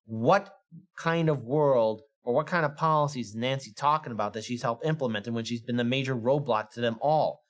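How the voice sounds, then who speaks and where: A man hosting a political commentary show, heated and mocking, often rising to near shouts. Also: mid-range voice, fairly quick. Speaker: podcast host.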